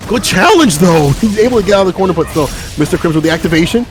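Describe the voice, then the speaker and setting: A man doing live fighting game commentary, excitable and chatty, talking to the stream chat. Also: high-pitched, very fast, faint music behind. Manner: excitable, hype, talks to chat. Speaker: esports commentator.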